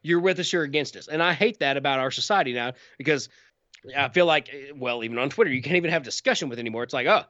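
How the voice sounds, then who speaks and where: A man's voice: medium pitch, fast, pushed and bright, no echo, dull audio. A man chatting casually on a podcast, rambling with many fillers and restarts. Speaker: podcast co-host. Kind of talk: casual chat.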